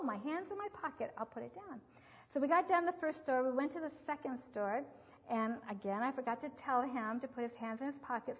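A woman teaching about parenting, telling a family anecdote and acting out the voices of the people in it. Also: high-pitched. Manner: acts out the voices in her anecdotes. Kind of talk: storytelling talk on parenting. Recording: long reverb, dull lo-fi sound.

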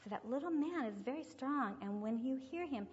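A woman with a fairly high voice preaching and telling stories, acting out each voice she quotes. The sound is dull and lo-fi, with a long reverb trailing off the walls of a large hall. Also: moderate pace. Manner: animated storyteller who acts out quoted voices. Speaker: religious speaker. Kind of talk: sermon with storytelling.

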